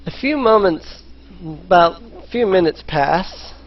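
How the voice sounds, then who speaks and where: Slow-paced male dungeon master. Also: high voice, lively intonation, a little hiss or hum. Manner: unhurried storytelling, voicing characters in quotes. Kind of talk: narrating a tabletop game. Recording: dull lo-fi voice chat.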